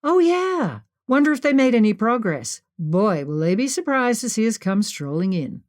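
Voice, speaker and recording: A woman voicing a lively young woman who talks brightly and eagerly. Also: fairly high pitch, normal speed, pitched above the performer's own voice.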